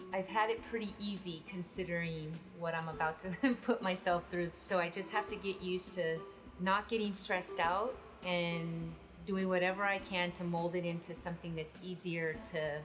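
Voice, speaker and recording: A woman's voice: lowish voice, fairly even intonation, normal speed. A woman speaking frankly and wryly in a confessional interview. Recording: background music over her.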